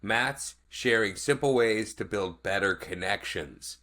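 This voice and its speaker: A man hosting a podcast, giving a measured introduction and then chatting casually. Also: fairly low pitch, pushed and bright. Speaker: podcast host.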